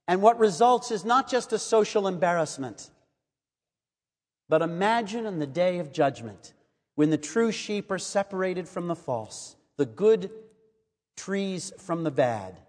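A man preaching a sermon in a measured, earnest way, reading and explaining scripture. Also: sits high, animated, darkish tone. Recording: long hall reverb.

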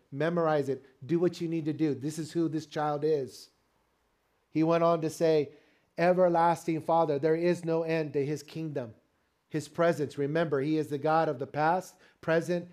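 An older man delivers a sermon with a fairly high, mellow voice. He preaches in an animated, storytelling way, calling out to the congregation and pausing for their answers. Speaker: pastor.

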